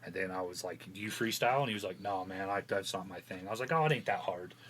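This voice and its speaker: A man's voice: sits low, quick pace, a bit bright, slight background noise. A man from Wyoming, a guest musician telling long, rambling stories in casual podcast chat. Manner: rambling storyteller.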